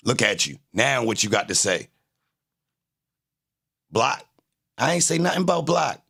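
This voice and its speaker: A man's voice: medium pitch, creaky, fairly bright tone, breathy edge. A man livestreaming, arguing with his chat in a confrontational, taunting way and repeating his jabs. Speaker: livestreamer reacting to trial footage. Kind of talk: casual live-stream commentary, arguing with chat.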